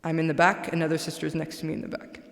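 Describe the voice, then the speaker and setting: A woman's voice: low-pitched, completely flat delivery, racing, vocal fry. A woman giving a religious talk to a congregation, conversational, often checking in with "right?". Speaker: guest speaker. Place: large mosque hall. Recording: echoey hall with long reverb.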